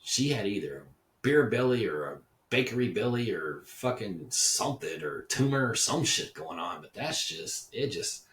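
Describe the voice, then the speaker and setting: A man's voice: lowish voice, sing-song, normal speed, fairly bright tone. A middle-aged man hosting a casual solo podcast, rambling and profane, often laughing at his own jokes. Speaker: podcast host. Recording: roomy and distant from the mic, faint background noise.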